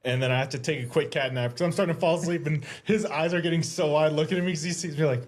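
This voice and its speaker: Animated, swearing male storyteller. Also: a little high, very fast. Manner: animated, profane storytelling with acted-out quotes. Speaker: podcast guest, Army veteran. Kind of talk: casual podcast chat.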